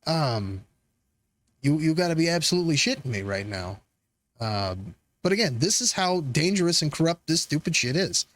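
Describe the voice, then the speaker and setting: A man's voice: a little high, big pitch swings, moderate pace, fairly bright tone. A man hosting a commentary show, reacting to political clips in a profane, sarcastic, rambling rant full of restarts.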